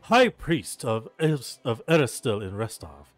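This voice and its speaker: A man voicing a solemn, gracious male high priest who speaks in a formal, measured way, reading game dialogue aloud. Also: very animated, dry recording, soft background music.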